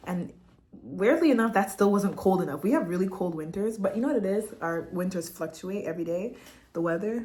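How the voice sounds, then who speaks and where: Speaking from home at her laptop, a young Quebec vlogger tells her personal testimony with candor, warmth, and plenty of chat. Her mid-range voice is mellow and expressive, and she talks a little fast.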